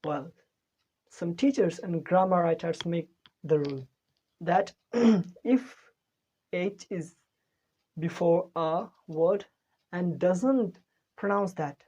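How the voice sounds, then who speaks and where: Woman host for an English lesson, low mellow voice, very slow, self-correcting delivery. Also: dull audio. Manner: unhurried explaining with restarts and self-corrections. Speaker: English teacher, channel host.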